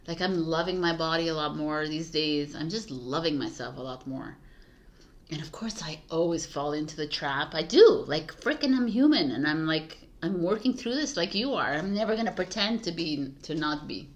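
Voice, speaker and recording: Woman, tarot reader, casual spiritual monologue, slightly low voice, candid, swearing. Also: moderate pace. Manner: candid, swears freely, lots of fillers.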